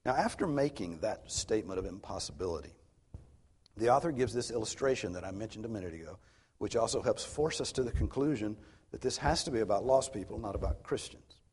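A man's voice: fairly low pitch, animated, fairly quick, a little mellow, breathy edge. A man preaching an expository sermon, earnest and emphatic, posing rhetorical questions as he teaches. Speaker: pastor.

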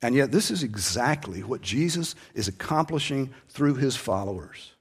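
A man preaching a sermon with an easy, conversational delivery. His pitch sits in the middle range. He punches key points with sudden emphasis, then drops low and soft. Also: animated, normal speed, slightly rough. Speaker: pastor.

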